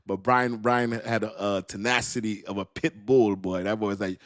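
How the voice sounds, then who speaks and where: A man hosting a crypto livestream in easy, slangy talk, laughing often and circling back over his own phrases. His voice sits low. The sound is close and dry, with no room around it. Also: fairly even intonation, moderate pace, no room sound. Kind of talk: casual livestream chat.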